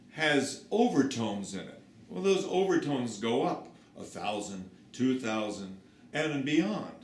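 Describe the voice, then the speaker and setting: Animated man teaching singing in a roomy space. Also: mid-range voice. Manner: lively, explanatory, demonstrates sounds with his voice. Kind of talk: spoken singing lesson with sung examples. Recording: roomy sound with faint background noise.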